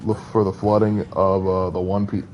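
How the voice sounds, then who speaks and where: A male streamer talking casually over his game, drifting between topics and stumbling through his thoughts. His voice is low and mellow. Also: little pitch movement, normal speed, a little hiss or hum, low-quality recording. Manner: rambling, hesitant with many uhs. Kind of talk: casual chat.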